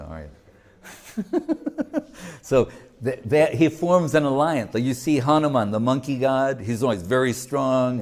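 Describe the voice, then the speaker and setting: A man teaches a spiritual class, retelling a sacred story in a loose, joking, conversational way. He speaks at an unhurried, slow pace and often restarts his sentences or breaks off into asides. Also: mid-range voice, darkish tone. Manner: joking, chatty, full of restarts. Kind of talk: casual storytelling talk to an audience.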